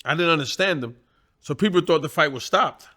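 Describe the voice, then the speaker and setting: A man's voice: fairly high pitch, brisk. A middle-aged man, a boxing trainer, telling stories in a loose, profane way and acting out the other people's voices. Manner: profane, animated, acts out quoted voices. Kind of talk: casual storytelling.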